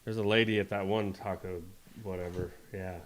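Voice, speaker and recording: A man's voice: low voice, flat delivery, moderate pace, slight background noise. A man co-hosting a morning show, chatting casually with wry quips and frequent laughs. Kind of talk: casual chat.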